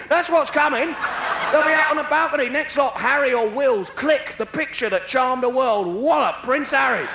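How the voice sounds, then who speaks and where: A stand-up comedian with a very high-pitched voice performs live in a large concert hall, ranting fast with animated delivery and shouting his punchlines into a stage microphone. The recording sounds roomy with a faint crowd and a little hiss or hum.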